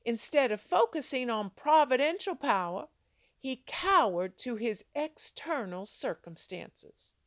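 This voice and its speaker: A Christian devotional speaker teaches a Bible lesson, telling the story dramatically and posing rhetorical questions to her listeners. Her voice is expressive at a measured pace, leaping in pitch as she acts out quoted lines. There's no echo.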